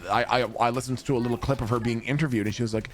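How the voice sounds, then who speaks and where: A man chats to his stream viewers in a loose, rambling way. His voice sits in an ordinary middle pitch. He drops in casual swears as he goes. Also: fairly even intonation, very fast, slight background noise. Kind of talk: casual chat with viewers while gaming.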